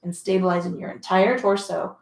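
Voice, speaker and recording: A woman's voice: fairly low pitch, level tone, fairly quick, vocal fry. A woman leading a casual Pilates class, talking through each move, cueing breaths and counting reps while exercising along. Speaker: Pilates instructor. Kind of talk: casual guided workout instruction. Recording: echoey room.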